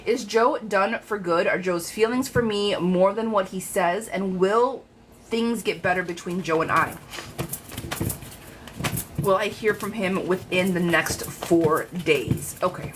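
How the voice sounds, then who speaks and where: A woman's voice: medium pitch, a little slow, background noise. Chatty woman giving a live tarot reading. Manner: chatty, animated, frank, calls viewers girlfriend. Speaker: tarot reader. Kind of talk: live-stream tarot reading, casual chat.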